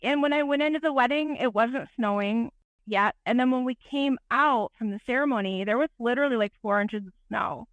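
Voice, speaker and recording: A woman photographer, a podcast guest, telling an animated, self-deprecating story in casual interview talk. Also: fairly high pitch, fairly quick, no echo.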